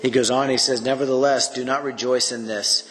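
A man's voice: mid-range voice, flat delivery, a little fast, fairly bright tone. A man preaching a sermon as pastor, earnest and conversational, often restarting his sentences. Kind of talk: sermon teaching. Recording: long echoing reverb with faint room noise.

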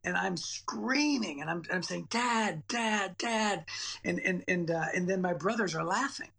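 A man's voice: high voice, lively intonation, moderate pace, vocal fry, sharp tone, breathy edge. A man in his late forties telling a personal childhood story as a guest, rambling and repeating words as he goes. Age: 40s. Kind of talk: personal storytelling in a podcast interview.

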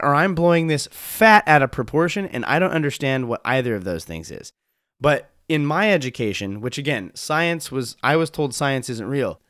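A man's voice: a little high, a bit bright, no room sound, studio quality. A man hosting a podcast, telling a rambling, self-deprecating comic story with many restarts. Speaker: podcast host. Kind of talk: casual comedic monologue.

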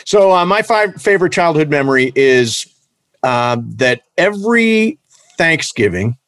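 A man in casual conversation, telling a lively anecdote with energy. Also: a little high, unhurried, no echo. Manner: animated storyteller, shouts in impressions. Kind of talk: casual chat.

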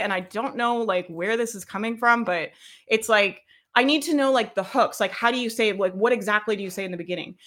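A woman's voice: on the high side, sharp tone. A woman coaching a live online workshop, chatty and encouraging, often checking in with "right?" and laughing. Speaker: social media coach.

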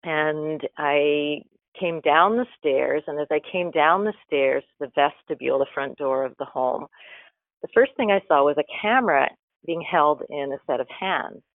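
Over a dry, phone-like line with faint music in the background, a man with a slightly high voice speaks a little slowly. He's a guest sharing a personal story, earnest and reflective, lingering on his words.

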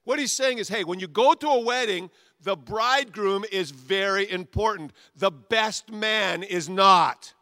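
A male pastor preaching a sermon in a church, animated and talking directly with the congregation. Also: high voice, measured pace, dry recording, studio quality.

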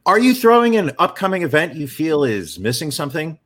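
Man doing a slick radio ad announcer, hyped delivery, higher pitch. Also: sing-song, fairly quick, fairly bright tone.

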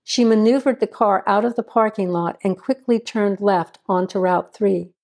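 A woman narrating a suspenseful audio drama in a measured, scripted delivery. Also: medium pitch, vocal fry, a little mellow.

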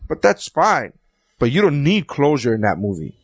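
A man's voice: a little high, big pitch swings, moderate pace, creaky, breathy edge, dry recording, clean studio sound. A man co-hosting a casual podcast chat about films, blunt and opinionated, swearing freely. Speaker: podcast co-host.

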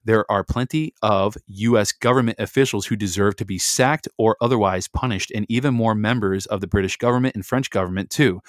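A middle-aged man from Michigan, reading documents aloud slowly with emphasis and breaking into casual chatty asides as a host. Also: fairly low pitch, dry recording, studio quality. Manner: reads slowly with emphasis, then chats in asides.

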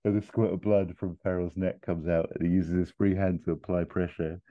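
A man narrating a comedy film pitch in an animated way. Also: fairly quick. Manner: animated, laughs while telling the story. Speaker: podcast host pitching a film scene. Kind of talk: comic storytelling narration. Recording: tinny phone-like sound.

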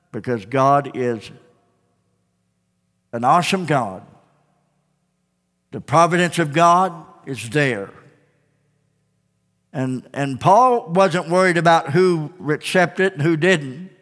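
A man's voice: a little high, expressive, slow pace, long pauses, fairly bright tone, long reverb tail. A young man preaching a sermon in an auditorium, telling a story animatedly and acting out the voices of people in it. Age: young adult. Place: large auditorium.

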